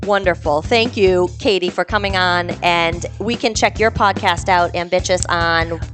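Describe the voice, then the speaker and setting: A woman's voice: on the low side, steady tone, moderate pace, a bit bright, soft background music. A woman hosting a podcast in a studio, affirming her guest and then wrapping up the show in an upbeat way. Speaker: podcast host. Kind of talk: casual chat and sign-off.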